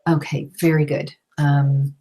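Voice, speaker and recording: A woman's voice: low-pitched, level tone, measured pace, dark tone, breathy edge, low-quality recording. A middle-aged woman teaching an online class, talking casually with many fillers and restarts. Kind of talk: casual teaching, reading out questions.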